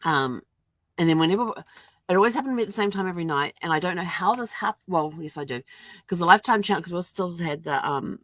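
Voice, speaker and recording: Chatty older woman, low voice. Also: fast, dry recording. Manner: chatty, laughs often, animated quoting. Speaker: vlogger. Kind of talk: casual livestream chat. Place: inside an RV.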